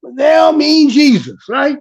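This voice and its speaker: A man giving casual vlog commentary on news clips, animated, repeating himself and firing off rhetorical questions. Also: extremely high pitch, moderate pace, highs cut off.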